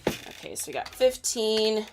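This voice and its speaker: Expressive and measured, a woman with a slightly high voice chats casually on a live stream over slight background noise. She's a reseller packing orders, talking to her viewers and reading what they comment.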